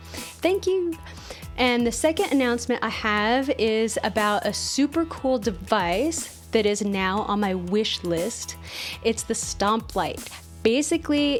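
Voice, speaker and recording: Casting: woman podcast host, chatty, mid pitch, faint music under her voice. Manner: chatty, self-mocking asides. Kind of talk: casual podcast chat.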